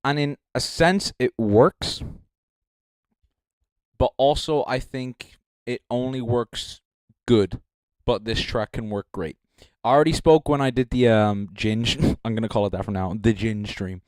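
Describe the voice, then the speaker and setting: This young man judges a live stream with meandering, filler-packed commentary, joking as he goes and holding a handheld mic. He talks unhurriedly in a mid-range, darkish voice, and there's no room sound.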